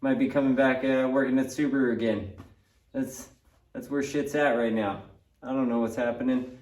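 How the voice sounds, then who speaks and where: A man's voice: mid-range voice, steady tone, normal speed, a little mellow, echoey room, far from the mic. A man talking casually as he strips a car door in his garage, loose and joking, with lots of fillers and some swearing. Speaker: car vlogger working on a track build. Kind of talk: casual workshop commentary.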